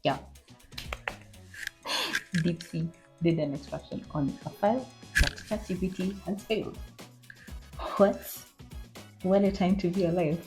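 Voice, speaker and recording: A woman vlogs in a casual, bubbly way, her voice low and mellow. She gets animated and playful, and faint background music sits under her talk. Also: normal speed, long pauses. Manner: bubbly, animated, mimics the chatbot in funny voices; excitable squeals and laughs. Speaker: vlogger. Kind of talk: casual vlog chat.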